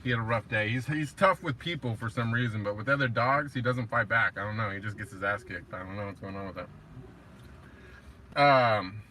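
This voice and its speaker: A man hosting a casual livestream, chatting loosely and swearing, sometimes talking to his dog in a high excited voice. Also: fairly quick, slight background noise. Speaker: livestream host. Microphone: tablet built-in mic.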